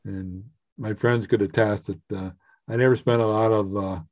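A man's voice: on the low side, steady tone, normal speed, a little mellow, dry recording. A retired older man from upstate New York, a podcast guest, telling hunting stories in a rambling way with many fillers. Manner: rambling, frequent fillers and restarts. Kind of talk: casual storytelling.

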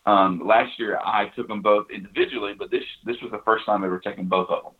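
A man's voice: fairly low pitch, fairly even intonation, fast. A man, casually telling a hunting story, full of restarts and "you know"s. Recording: tinny phone-like line.

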